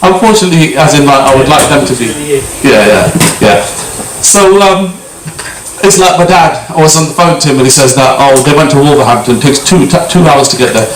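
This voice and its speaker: A man's voice: medium pitch, a little fast. British man giving a casual sermon. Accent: British English. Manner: conversational, frequent restarts and throat clearing. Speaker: speaker giving a talk at a gurdwara. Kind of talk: informal sermon. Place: large prayer hall. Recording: echoey hall, distant mic, faint hiss.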